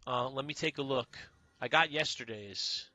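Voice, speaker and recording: A man's voice: mid-range voice, moderate pace, bright, forceful tone. A man streaming a video game, chatting casually and greeting viewers by name. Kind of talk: casual livestream chat while playing.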